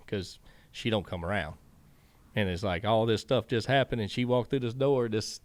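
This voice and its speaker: A man's voice: fairly low pitch, no echo. A man, a guest in a casual interview, telling stories and acting out what other people said. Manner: animated, acts out other people's lines.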